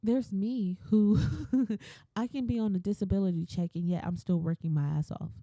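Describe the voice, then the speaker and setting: A young adult woman hosts a solo podcast, ranting bluntly, swearing, and often mimicking other people's voices. Her voice is mellow and medium-pitched at a normal speed, with no room sound.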